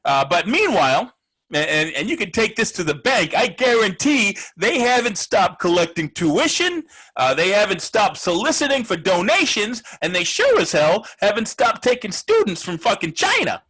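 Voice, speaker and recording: An actor playing a brash, foul-mouthed male sports show host who rants loudly and mocks his targets in a comedic sports segment. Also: high-pitched, big pitch swings, normal speed, husky, heavily acted. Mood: ranting. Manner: loud, ranting, profane, mocking.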